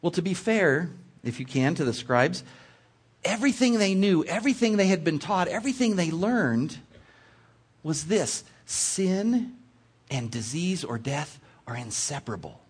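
A man preaching a sermon, reading scripture and explaining it with expressive storytelling asides. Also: on the high side, unhurried, breathy edge. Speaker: preacher in children's ministry. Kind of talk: sermon teaching from Bible text.

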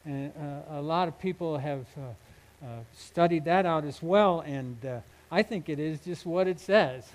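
A man's voice: a little high, a little slow, poor audio. Earnest man preaching a sermon. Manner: earnest, emphatic, with frequent restarts and soft laughs. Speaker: pastor.

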